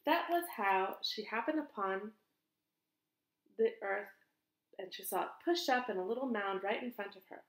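A woman teacher reading a picture book aloud to children in an expressive, sing-song way. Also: mid-range voice, normal speed, creaky. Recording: echoey room.

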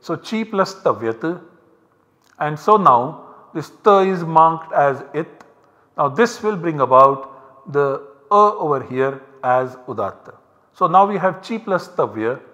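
A man with an Indian English accent gives a university lecture, explaining each step in a measured way and pointing to examples on a slide. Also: on the high side, lively intonation, bright, forceful tone, muffled recording. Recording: lecture recorded with long reverb.

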